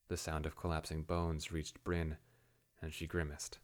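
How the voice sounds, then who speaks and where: A man narrating a fantasy story in a steady, measured way. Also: extremely low pitch.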